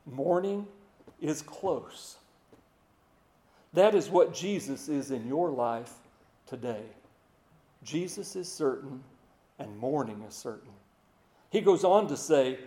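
A man preaching a sermon in a folksy way, repeating words and slowing down to hushed emphasis. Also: a little high, roomy sound.

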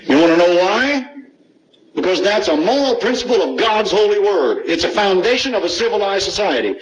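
A man's voice: high voice, sing-song, a little fast, poor audio. A middle-aged man, preaching a sermon, reading scripture with emphasis and asking the congregation rhetorical questions.

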